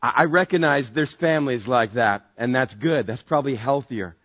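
A man's voice: no room sound, lo-fi sound. A man preaching as a pastor, telling self-deprecating stories and acting out both sides of conversations, from Southern California. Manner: self-deprecating, acts out dialogue with quick pitch jumps. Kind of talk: conversational sermon with storytelling.

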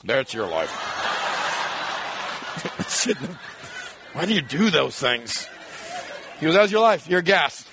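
A man preaching a sermon in an animated way, acting out voices and sometimes shouting. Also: on the high side, moderate pace, a little hiss or hum. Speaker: pastor.

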